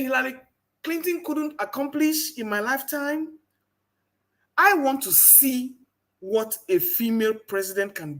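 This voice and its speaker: A woman's voice: a little high, a bit bright. A woman from the American South with a Southern accent, speaking emphatically as a panelist in a live debate. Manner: emphatic, rising into laughing outbursts.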